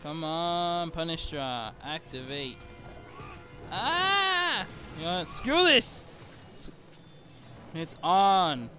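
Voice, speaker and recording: A man giving excitable gameplay commentary while sick with a bad cough, breaking into frequent exclamations. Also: on the high side, extremely slow, pauses often, faint music behind. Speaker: gamer.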